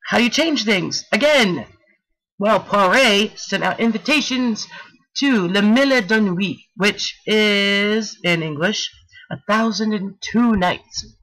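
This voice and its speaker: A woman presenting a talk with slides, telling a story in a playful, animated way with slangy, jokey asides. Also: mid-range voice, slow pace, poor audio.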